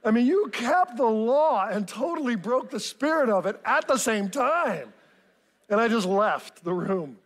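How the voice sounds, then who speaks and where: A man in his fifties preaching a sermon, telling a family story in an animated, self-mocking way. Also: extremely high pitch, a little slow. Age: 50s. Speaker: pastor.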